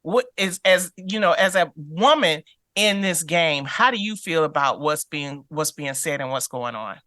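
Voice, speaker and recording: A woman's voice: low voice, expressive, a little slow, bright, forceful tone, dry recording, studio quality. A woman hosting a radio talk show, asking her guest questions in an easygoing, searching way. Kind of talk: interview questions.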